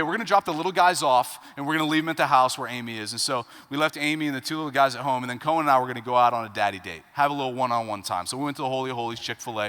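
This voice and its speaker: A man in his thirties preaching a sermon as pastor, telling a family story with big swings between hushed asides and loud punchlines. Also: mid-range voice, smooth. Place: church sanctuary. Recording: reverberant church hall.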